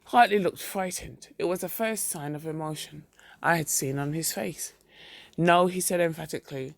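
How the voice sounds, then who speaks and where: Measured audiobook reader, dry close sound. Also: mid-range voice, gravelly, no room sound. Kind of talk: first-person storytelling.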